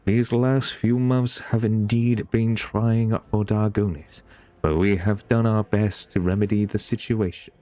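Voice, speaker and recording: A man voicing a weary but proud noblewoman, speaking slowly in an earnest way. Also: on the low side, steady tone, mellow, no room sound, lightly acted. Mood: defiant.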